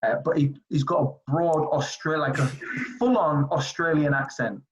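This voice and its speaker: A man in his forties from England, telling basketball stories in a casual interview, animated and rambling with many fillers. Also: fairly high pitch, unhurried, a little hiss or hum. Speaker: streetball player guest. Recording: dull lo-fi audio.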